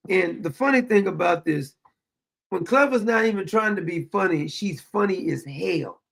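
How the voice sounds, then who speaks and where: A man's voice: high-pitched, vocal fry. A man hosting a casual monologue, telling stories with lots of laughter. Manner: animated storytelling, laughing often. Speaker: show host.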